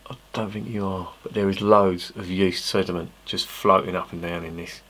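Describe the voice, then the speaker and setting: A man's voice: deep voice, fairly even intonation, moderate pace, a bit bright. An English man reviewing a beer on camera in a casual, rambling way, swearing freely and making self-mocking asides. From England.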